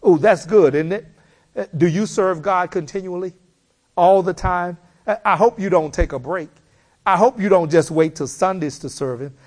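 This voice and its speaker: A man preaching a sermon, slow and emphatic, building repeated appeals to his listeners. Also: sits high, darkish tone.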